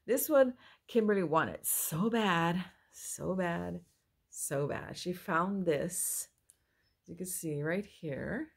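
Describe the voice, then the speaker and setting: A woman chatting excitedly at home in a casual haul vlog, often apologizing as she shows things to a handheld camera. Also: lowish voice, slow pace, creaky, breathy edge. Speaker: mother showing a thrift haul. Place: at home, indoors. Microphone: handheld phone or camera she moves around.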